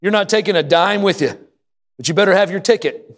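Speaking briskly in a high-pitched voice, a man preaches to his church congregation. His sermon swells into shouting for emphasis, and he keeps asking the crowd call-and-response questions.

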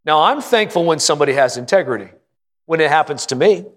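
A man preaching a sermon to his congregation in a folksy, joking way, often asking them questions and stressing key phrases slowly. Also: fairly high pitch, lively intonation. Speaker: pastor.

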